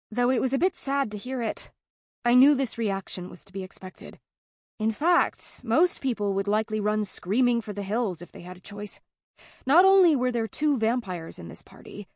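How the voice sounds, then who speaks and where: A woman narrating a first-person fantasy audiobook in an even, conversational way. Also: mid-range voice, no room sound, studio quality.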